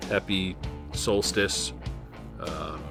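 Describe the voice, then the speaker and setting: A man's voice: low voice, steady tone, very slow, gravelly, music in the background. A man from Nebraska hosting a podcast in casual chat, rambling with lots of fillers and chuckles. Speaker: podcast host.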